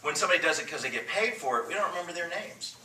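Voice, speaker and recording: Bright-voiced man teaching a church class. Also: on the high side, animated, rapid-fire, distant mic. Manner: emphatic, joking storyteller. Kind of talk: church class lecture with call-and-response. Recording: roomy room mic from afar, faint noise.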